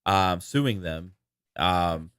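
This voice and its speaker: A man's voice: sits low, very slow, fairly bright tone, clear, resonant tone, dry recording, studio quality. Rambling man on a podcast panel. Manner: rambling, many likes. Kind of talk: casual chat.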